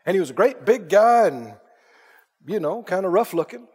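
A man's voice: high voice, expressive, moderate pace, a little mellow, husky, long reverb tail. A man preaching a sermon who moves from folksy storytelling to fervent preaching.

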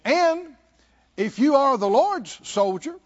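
Man preaching, high voice, lively swings, repeats himself, questions the crowd, dull lo-fi sound. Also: takes it slowly. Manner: repeats phrases, asks the audience questions. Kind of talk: sermon.

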